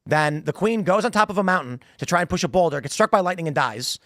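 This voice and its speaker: A man hosting a casual panel talk show, telling stories in an animated way with quick character voices. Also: sits high, no echo, clean studio sound. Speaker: show host.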